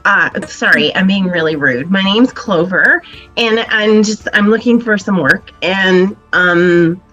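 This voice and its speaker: A woman's voice: medium pitch, measured pace, sharp tone, muffled recording, soft background music. A woman voicing a shy, apologetic young female gnome who rambles when flustered.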